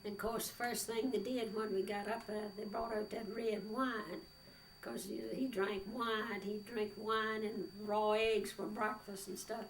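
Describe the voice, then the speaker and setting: An older woman telling a rambling, folksy story about her past, with frequent pauses and fillers. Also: medium pitch, flat delivery. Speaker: oral history interviewee. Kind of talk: storytelling reminiscence. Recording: distant mic with faint background noise.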